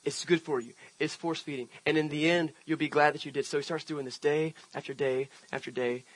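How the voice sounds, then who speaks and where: A man's voice: fairly high pitch, steady tone, a little fast, no room sound, poor audio. A man preaching an outdoor sermon as pastor, telling a personal story in a conversational way with emphatic swells. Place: outdoor park service.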